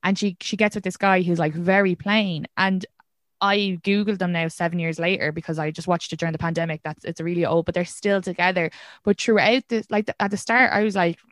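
A woman's voice: on the low side, fairly even intonation, fairly quick, a bit bright, no echo, studio quality. A young woman with an Irish accent hosting a podcast, chatting casually with a lot of "like". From Ireland. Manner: chatty, lots of filler "like". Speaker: podcast host.

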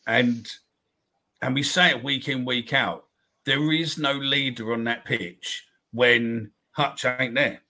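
A man's voice: medium pitch, steady tone, slow pace, sharp tone. A man hosting a football podcast in blunt, chatty talk. He swears freely and speaks directly to his listeners. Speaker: podcast host. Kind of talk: casual football chat.

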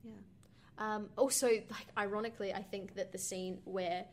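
A woman's voice: mid-range voice, fairly even intonation, measured pace. A young woman co-hosting a podcast, talking through a film in a thoughtful, rambling way with many fillers. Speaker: podcast co-host. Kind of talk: casual film discussion.

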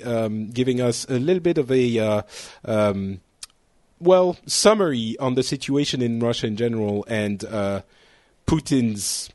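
A man's voice: medium pitch, a little mellow, no echo, clean studio sound. A man from France, hosting a casual podcast chat, joking and often correcting himself mid-sentence. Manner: rambling, self-correcting, joking. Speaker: podcast host.

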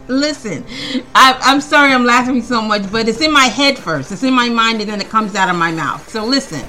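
Lively bright-voiced woman rambling with laughs. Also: fairly high pitch, a little slow, pauses often, soft background music. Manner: rambling, stammering, laughs often. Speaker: podcast host. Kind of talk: casual solo podcast chat.

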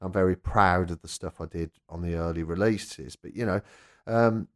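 A rock radio presenter and former punk singer tells an anecdote in a casual interview, acting out quoted voices as he goes. His voice is low and his speed normal.

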